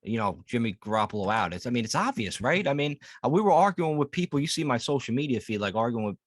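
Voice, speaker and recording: A man's voice: mid-range voice, expressive, fast talker, no echo. A man co-hosting a sports podcast, rambling and swearing in casual chat. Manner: rambling, profane, with filler restarts. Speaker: podcast co-host.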